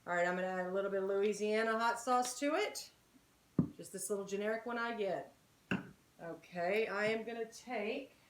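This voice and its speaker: Woman, home cook, chatty, friendly address to viewers, mid-pitched, roomy kitchen echo. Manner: chatty, talks straight to viewers as "guys" and "y'all". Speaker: home cooking channel host. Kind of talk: casual cooking demonstration.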